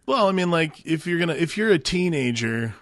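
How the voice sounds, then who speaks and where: A man's voice: fairly high pitch, big pitch swings, fairly quick, fairly bright tone, no room sound. A man co-hosting a casual movie podcast, talking in an easygoing, hesitant way. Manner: easygoing, hesitant, with many restarts and fillers. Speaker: podcast co-host.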